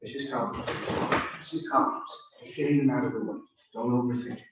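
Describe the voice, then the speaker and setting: A man teaching a self-defense drill, giving calm, reassuring, repeated cues to a student. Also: medium pitch, a little fast, noisy background. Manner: reassuring, repetitive coaching cues. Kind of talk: coaching a drill. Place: martial arts gym. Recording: very echoey room, from far off.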